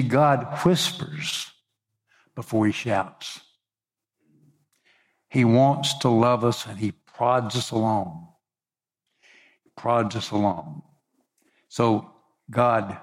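Guy preaching a sermon, middle pitch, gets really animated on the quotes. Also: creaky, slightly rough. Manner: expressive preaching, pitch and volume rising for quoted speech. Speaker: pastor.

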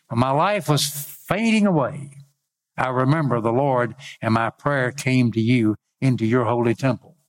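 Man preaching, medium pitch, folksy asides between scripture readings. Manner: reads scripture aloud with rising pitch, adds folksy asides. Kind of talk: sermon.

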